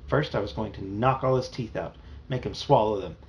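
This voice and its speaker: Gravelly man reading a children's novel. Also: fairly low pitch, a little fast, a little mellow. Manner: plain storytelling with small slips. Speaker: reader. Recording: muffled home recording, faint hiss.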